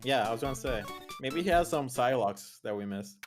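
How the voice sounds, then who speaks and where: A woman chatting excitably while playing a game on stream, stumbling over her reads and swearing in surprise. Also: extremely low pitch, fairly quick, soft background music. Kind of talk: casual let's-play chat.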